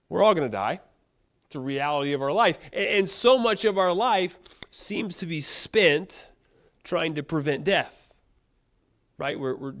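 A man preaching a sermon in a conversational, animated way, with frequent restarts and rhetorical questions. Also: fairly high pitch. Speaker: pastor.

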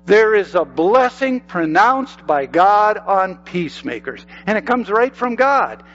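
A man's voice: high-pitched, big pitch swings, measured pace, fairly bright tone, dull audio, slight background noise. An older man preaching a sermon as pastor, emphatic and repeating phrases for effect.

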